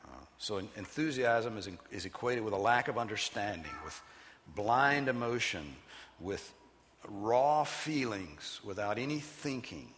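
Man preaching, bright and resonant in a large hall. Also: fairly low pitch, lively intonation, slight background noise. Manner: emphatic, measured teaching cadence. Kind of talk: expository sermon.

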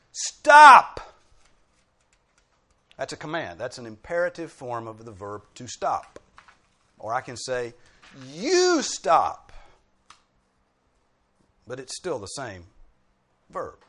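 A man's voice: medium pitch, expressive, moderate pace, a bit bright. A man preaching a sermon, explaining points like a teacher and punching key words with dry humorous asides.

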